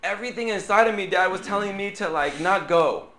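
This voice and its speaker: A halting, earnest little girl, put on by a man during a sermon, who stumbles breathlessly through her words. The voice is pitched high and bright. It rings out in a roomy church hall. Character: earnest young girl confessing a hard moment.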